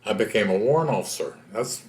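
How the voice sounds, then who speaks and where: A man's voice: lowish voice, lively intonation, fast, roomy sound. A man, telling his own story in a plain-spoken, folksy way in an oral history interview. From Texas. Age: 70s. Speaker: veteran interviewee.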